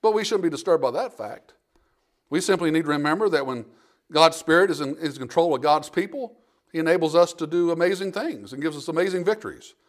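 A man with a high voice delivering a sermon. He preaches conversationally, restarting phrases and acting out the people in the story. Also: lively intonation, a little fast. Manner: conversational preaching with frequent restarts and acted-out quotes. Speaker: pastor.

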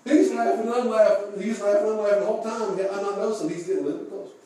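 A man's voice: sits high, steady tone, fast, dark tone. A male pastor preaching a sermon, telling folksy stories with chuckles and asking the congregation questions. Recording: echoey room, mic far off.

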